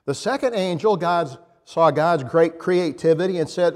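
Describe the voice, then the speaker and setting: Man, preacher, sermon, reflective storytelling, slightly high voice, long hall echo. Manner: reflective storytelling with pauses and restarts.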